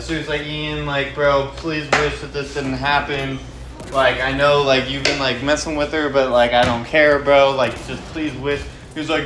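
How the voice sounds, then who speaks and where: A young man YouTuber casually recapping a movie plot, rambling with lots of slang and filler words. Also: medium pitch. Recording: echoey room with loud background noise.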